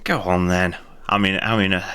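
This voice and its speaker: A man playing a tabletop game, easygoing and quick to laugh. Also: deep voice, steady tone, sharp tone, clean tone, faint music behind. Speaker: player. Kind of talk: tabletop role-play chat.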